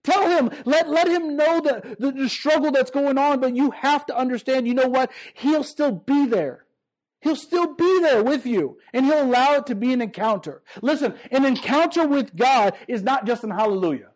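A man preaching a sermon, emphatic and conversational, repeating phrases and stumbling over restarts, slowing down to stress key lines. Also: very high-pitched. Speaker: pastor.

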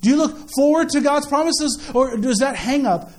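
High-voiced man preaching a sermon. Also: moderate pace. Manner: storytelling, playful, asks the congregation questions. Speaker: pastor.

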